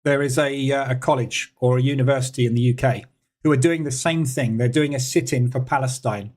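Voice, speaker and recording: A man's voice: mid-range voice, steady tone, a little fast, a little mellow. A man runs a live trading room and talks in a loose, chatty way, stopping often with fillers as he thinks aloud. He reads viewers' messages and answers them as he goes. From United Kingdom. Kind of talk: casual live-stream commentary.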